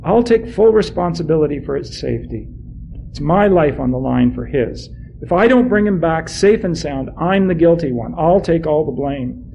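A man's voice: fairly high pitch, expressive, moderate pace, creaky, dark tone, slight background noise, poor audio. A man voicing an earnest grown son who presses his father firmly. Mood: pleading.

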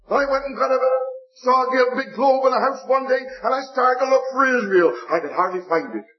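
Older man, sermon, high voice, earnest storytelling, pleading, dull lo-fi recording. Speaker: preacher.

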